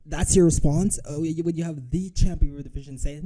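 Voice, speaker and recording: A man talking over a clip on his stream, his voice deep-toned and mellow. He swears freely and stays animated. He breaks into mocking impressions of the people on screen. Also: normal speed, hardly any pauses. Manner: profane, animated, mocks with impressions. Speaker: reaction streamer. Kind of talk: live reaction commentary.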